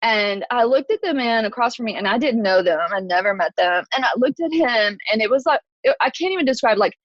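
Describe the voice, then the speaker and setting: A woman's voice: on the high side, animated, brisk, no room sound. Podcast guest: conversational woman in her forties, recounting her own story, heard on a somewhat dull recording. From Texas. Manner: conversational, many "like" fillers. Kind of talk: personal storytelling.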